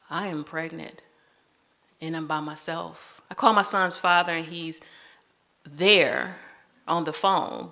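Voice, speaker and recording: A woman's voice: on the low side, bright, forceful tone. A woman storyteller telling a personal story in a conversational way on stage, acting out the dialogue of the people in it. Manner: conversational, acts out dialogue in quoted voices.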